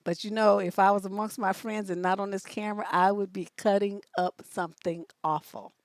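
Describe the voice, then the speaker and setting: A woman's voice: medium pitch, steady tone, fairly quick, dry recording. A woman relationship coach answering viewer questions in a casual livestream, blunt and profane, joking as she reads the questions aloud. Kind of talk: casual livestream advice chat.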